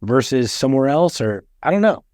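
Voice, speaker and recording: A man's voice: medium pitch, sing-song, fairly quick, a little mellow, dry recording, clean studio sound. A man in his thirties hosting a podcast, chatting casually and bluntly, swearing freely as he tells stories. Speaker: podcast host. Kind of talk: casual chat.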